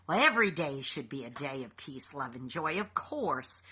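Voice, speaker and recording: Bright, animated woman hosting a video. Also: low-pitched, normal speed, few pauses, husky. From New York. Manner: animated, addresses viewers as boys and girls. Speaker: host of a short inspirational video series. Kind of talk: upbeat inspirational monologue.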